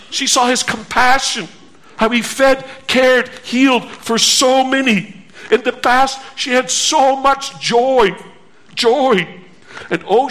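A man preaches in a strikingly high voice, taking his time over every phrase. He is earnest, circling back with repeated words and rhetorical questions to his listeners. The delivery stays slow and measured throughout. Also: fairly bright tone. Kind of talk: sermon.

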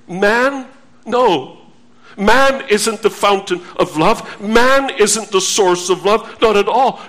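A man preaching a sermon to a congregation, slow and emphatic, stressing his points through repetition. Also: high voice, a bit bright. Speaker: pastor.

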